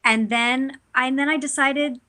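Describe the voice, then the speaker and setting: A woman actor speaks as an interview guest in a loose, animated way. Her tone is bright and forceful. She fills her talk with "you know" and starts sentences over and over. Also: sits high, unhurried. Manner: animated, chatty, many fillers.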